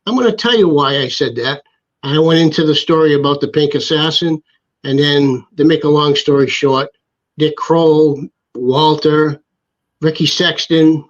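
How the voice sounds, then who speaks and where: A man and former wrestler telling a backstage story on a podcast, acting out the quotes with energy. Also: fairly high pitch. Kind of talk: casual storytelling chat. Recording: slightly dull lo-fi sound.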